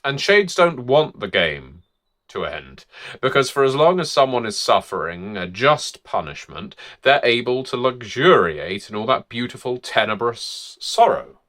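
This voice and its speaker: A man hosting tabletop game lore videos in a measured, wry, theatrical gentleman's narration. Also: mid-range voice, big pitch swings.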